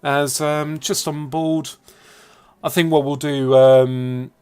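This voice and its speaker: A man's voice: on the high side, fairly even intonation, slow pace, a little mellow, smooth. Chatty English race commentator man. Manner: chatty, cheeky, calls laps as they happen. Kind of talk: casual sim racing commentary.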